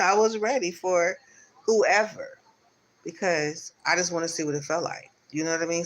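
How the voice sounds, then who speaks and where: A man's voice: fairly high pitch, sharp tone, slight background noise, rough recording. A man giving a spiritual tarot reading on a live stream, talking in loose, repetitive, encouraging circles. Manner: rambling, repetitive, spiritual pep talk. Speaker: tarot reader.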